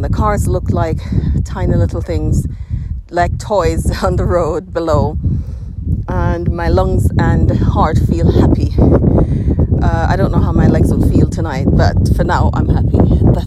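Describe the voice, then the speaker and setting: Earnest woman on a windy hilltop. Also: lowish voice. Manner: earnest, searching, restarts phrases. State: slightly out of breath. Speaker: podcast host. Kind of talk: reflective spoken monologue. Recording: loud wind noise outdoors. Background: wind noise.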